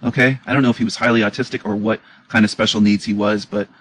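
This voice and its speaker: A man's voice: fairly low pitch, steady tone, fast talker, fairly bright tone, low-quality recording. A man giving an indignant, emotional reaction commentary on clips, repeating his questions as he argues.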